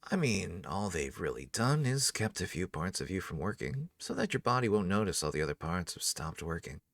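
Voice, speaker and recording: A haughty rival sorceress with a cool, superior drawl, as a male narrator does her voice. She sounds low and gravelly, delivered close and dry with no room sound. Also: big pitch swings, normal speed, fairly bright tone, no room sound, recorded from a distance, full character voice. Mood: scornful. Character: haughty red-haired woman court wizard, rival.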